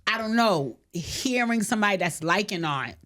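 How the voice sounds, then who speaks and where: A woman's voice: mid-range voice, animated, moderate pace, a bit bright. A woman hosting a podcast conversation, speaking frankly and emotionally, with joking asides and casual swearing. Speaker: podcast host.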